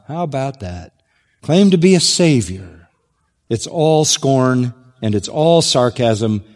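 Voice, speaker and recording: A man's voice: medium pitch, darkish tone, long reverb tail. A man preaching an expository sermon, emphatic, rising to stress key points. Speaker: pastor.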